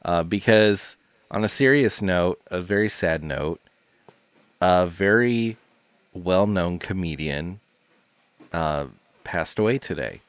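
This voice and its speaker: A man with a lowish voice speaking slowly on a comedy podcast, teasing his co-host in a dry, deadpan way. The sound is close and dry, with no room around it. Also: clean tone, no echo. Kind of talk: casual comedic chat.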